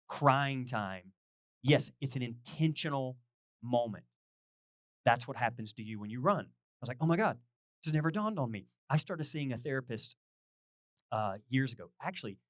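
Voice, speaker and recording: A middle-aged male pastor giving a chatty, animated sermon, poking fun at himself and acting out little conversations. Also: mid-range voice, no echo, studio quality. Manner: animated, self-deprecating, quotes people in lively voices.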